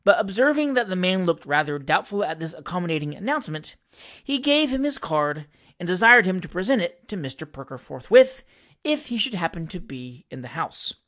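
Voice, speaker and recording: A reader narrating a classic novel in a theatrical, expressive way. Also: medium pitch, brisk. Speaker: audiobook reader.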